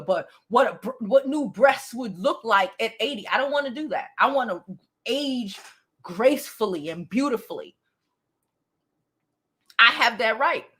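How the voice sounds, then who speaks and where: A direct woman hosts a beauty livestream and answers comments without softening anything. Her voice sits high and bright, and her pitch swings widely. She swears casually. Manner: blunt, direct, swears freely. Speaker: beauty channel host.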